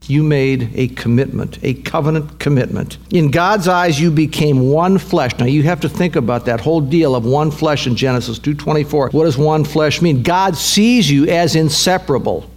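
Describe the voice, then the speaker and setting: A man's voice: fairly high pitch, moderate pace. A male pastor preaching a sermon, emphatic and repetitive, building to fervent peaks.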